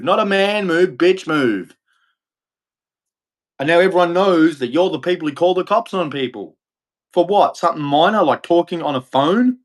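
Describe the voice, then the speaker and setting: An Australian man livestreaming an angry, profane rant, repeating insults over and over. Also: high-pitched. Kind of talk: angry ranting monologue.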